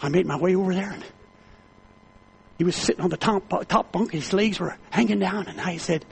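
A middle-aged prison minister preaches a testimony in a strikingly high, gravelly voice. He tells the story with fervent emotion, repeating his phrases for weight. Heavy vocal fry runs through his speech. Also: fairly quick. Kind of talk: testimony sermon.

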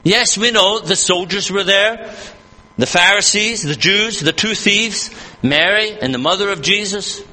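A man's voice: sits high, a little slow, bright, forceful tone, in a large hall. A man preaching a sermon at an evening church service, earnest and emphatic, repeating and rephrasing his points as he reads scripture aloud.

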